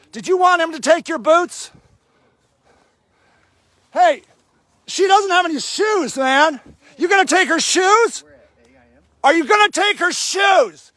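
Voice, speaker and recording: Very high-voiced man shouting in anger. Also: dry recording. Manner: shouting, angry and sarcastic. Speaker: activist filming a camp sweep. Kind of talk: livestreamed street confrontation. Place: outdoor homeless camp in snow.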